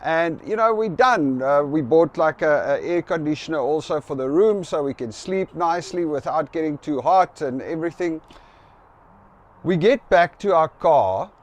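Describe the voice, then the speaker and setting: A man's voice: on the high side, lively intonation, normal speed. A middle-aged South African man with a South African accent, casually recounting a story to camera and acting out both sides of an argument. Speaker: vlogger.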